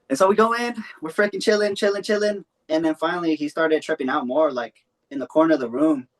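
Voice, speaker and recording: A man's voice: a little high, fast. A young man telling a long personal story in a loose, rambling way, full of swearing and fillers. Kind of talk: casual storytelling.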